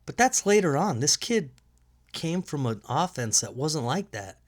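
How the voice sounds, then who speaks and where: A man's voice: a little high, very animated, a little slow. A man hosting a casual solo sports podcast from home, with a nasal voice and a rambling, profane way of talking. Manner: rambling, profane, laughs at own jokes. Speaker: podcast host.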